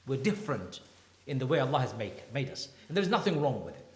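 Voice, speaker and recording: Animated man lecturing in an echoey hall. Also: fairly high pitch. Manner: animated, joking storyteller. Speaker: imam and marriage counselor. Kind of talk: humorous lecture.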